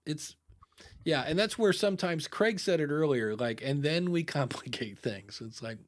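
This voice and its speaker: A man from the United States co-hosting a podcast in casual chat, animated and jokey, rambling with fillers. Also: a little high, moderate pace. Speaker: podcast host.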